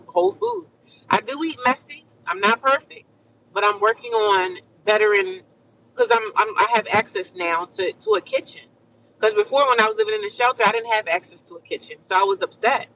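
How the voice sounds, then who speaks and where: A woman from the United States chats loosely with her livestream viewers. She is animated and repeats herself, and calls them honey and sis. Her voice is bright and forceful. It comes through a dull, lo-fi mic from a distance, with faint noise behind. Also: mid-range voice. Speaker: livestream vlogger. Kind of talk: casual livestream chat with viewers.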